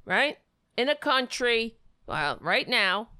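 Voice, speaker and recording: A woman vlogger angrily ranting in reaction to a news clip, swearing often and breaking off into halting restarts. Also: fairly high pitch, sing-song, bright, forceful tone, dry recording, studio quality. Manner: indignant, profane, halting restarts. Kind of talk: angry reaction rant.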